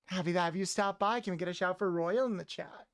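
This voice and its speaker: A man's voice: high voice, quick pace, dry recording, studio quality. A man streaming a video game, chatting playfully with his viewers in a loose, rambling way. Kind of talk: casual gameplay commentary. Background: faint game music.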